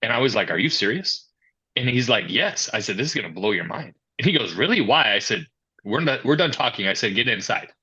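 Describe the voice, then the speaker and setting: A man's voice: mid-range voice, fast, slightly rough. A man being interviewed as a youth and amateur hockey coordinator, talking through his answers and acting out quoted exchanges as he tells stories. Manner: storytelling, quoting others in animated asides. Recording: dull lo-fi sound.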